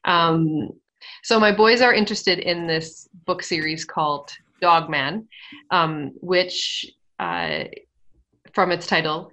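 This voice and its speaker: A woman's voice: on the low side, sharp tone, low-quality recording. A woman in her thirties on a radio program, telling a family story casually, laughing often and turning emotional.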